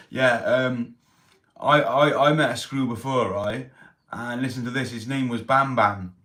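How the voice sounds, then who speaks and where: A man's voice: mid-range voice, a little slow, bright, forceful tone. Welsh guy chatting on his livestream, slangy, telling prison stories to chat. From Wales. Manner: chatty, street slang, reads chat aloud. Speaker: livestream host. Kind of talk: casual live chat.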